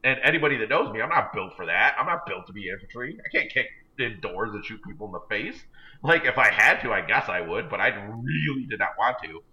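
A man on the low side of the pitch range co-hosts a podcast, animatedly and fairly quickly spinning a long, self-deprecating yarn in casual chat. The recording is dull and lo-fi.

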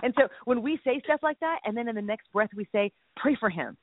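Over a tinny, echo-free phone connection, a woman co-hosting a faith podcast talks in a rambling, jokey manner. Her voice is a little high, fairly quick, and full of lively intonation.

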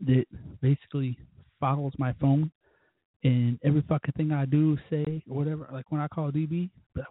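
A little high and flat, the podcast host's voice moves at a normal speed, with slight background noise in a tinny, dry, phone-like recording. He delivers a profane, heated story as a casual rant.

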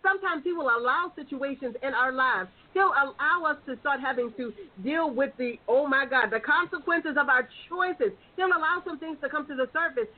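A woman's voice: high voice, normal speed, hardly any pauses. A woman apostle co-hosting a sermon dialogue, fervent and exclaiming, on a tinny phone line. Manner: fervent, exclaiming, Black church call-and-response. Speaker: apostle, co-host.

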